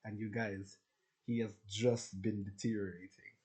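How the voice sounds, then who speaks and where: Brief: male vlogger, lowish voice, candid and profane, rambling monologue. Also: level tone, unhurried, darkish tone, poor audio. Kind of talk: rambling personal rant.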